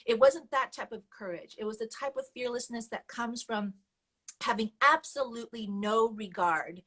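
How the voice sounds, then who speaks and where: Brief: woman guest, fairly high voice, candid and animated testimony, quick to laugh. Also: low-quality recording. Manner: candid, animated, laughs often while telling. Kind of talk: personal testimony storytelling.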